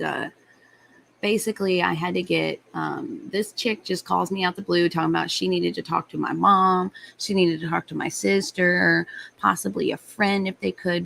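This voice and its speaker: A woman's voice: on the low side, vocal fry, rough recording. A young adult woman hosting a live stream, telling a story in a blunt, heated way and swearing freely. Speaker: livestream host. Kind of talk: casual storytelling to live chat.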